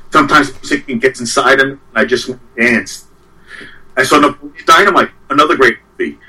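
A man rambles through a comedic rant, self-deprecating and loose. His voice is bright but husky, and it sounds distant, as if it comes over a call from far from the mic. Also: mid-range voice. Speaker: guest.

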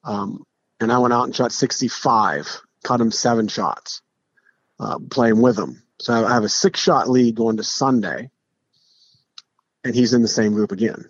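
A middle-aged man, a podcast guest, telling stories in a casual, animated way, with frequent restarts and acted-out quotes. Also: mid-range voice, normal speed, dry recording. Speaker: podcast guest, pro golfer. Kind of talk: casual storytelling. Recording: dull lo-fi podcast audio.

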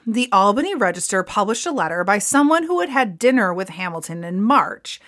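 Woman podcast cohost, bright crisp voice, explains history stuff clearly. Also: mid-range voice. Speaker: podcast co-host. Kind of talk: scripted history narration with explanatory asides.

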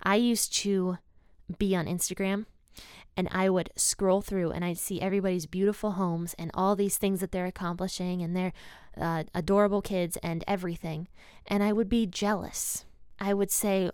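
A woman's voice: fairly low pitch, fairly even intonation, moderate pace, a little mellow, clear, resonant tone, no echo, clean studio sound. A woman giving a casual devotional Bible talk, retelling scripture in her own conversational words and speaking candidly about herself. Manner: candid and personal. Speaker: Bible teacher.

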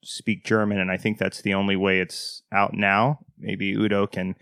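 A man's voice: lowish voice, level tone, normal speed, fairly bright tone, no room sound, studio quality. A man co-hosting a podcast, speaking earnestly and enthusiastically about the show's film. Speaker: podcast co-host. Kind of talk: interview chat.

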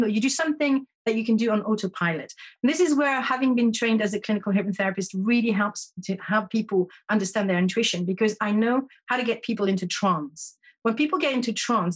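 Her voice is husky and mid-range as she answers questions in a conversational podcast interview. She teaches intuition, speaks French as her first language, and explains her ideas with earnest intent and many restarts.

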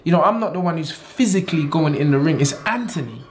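A man, a boxing trainer and manager talking in a casual interview, animated and quick to laugh, repeating himself for emphasis. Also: fairly high pitch, a little hiss or hum. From England.

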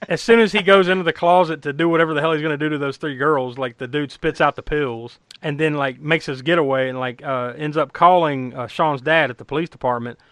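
A man's voice: fairly high pitch, brisk, hardly any pauses, a bit bright, no echo. A man casually recapping a movie plot, rambling with lots of fillers and frequent laughter. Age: adult who was eight or nine when the film was new.

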